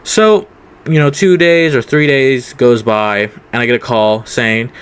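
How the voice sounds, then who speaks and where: A man's voice: medium pitch, a little slow, clean tone. A young man from California telling a rambling personal story in a casual storytime vlog, with lots of fillers and restarts. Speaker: vlogger.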